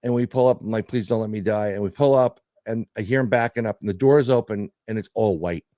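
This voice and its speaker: A middle-aged man telling a story in casual podcast chat, animated and joking, with some swearing. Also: lowish voice, fast, dry recording, studio quality. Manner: animated storyteller, swearing, laughing through jokes. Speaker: podcast guest.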